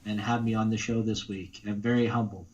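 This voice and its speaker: A man's voice: fairly low pitch, flat delivery, fairly quick, darkish tone, lo-fi sound. A man who is a guest voice actor, chatting casually and joking around with playful bits. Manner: jokey, breaks into silly voices and songs. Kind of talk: casual chat.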